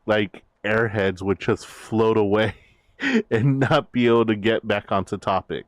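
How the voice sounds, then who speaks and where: Low, slow-talking male streamer. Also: no room sound, clean studio sound. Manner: rambling, many fillers and restarts. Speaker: VTuber streamer. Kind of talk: casual stream chat.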